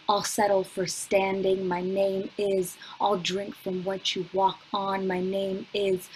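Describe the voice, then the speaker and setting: A young adult woman reading her own spoken word poetry at a measured pace with long pauses, chatting with fillers between poems, over a computer mic from home. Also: medium pitch, slight background noise, low-quality recording. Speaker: poet. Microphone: computer mic on a video call.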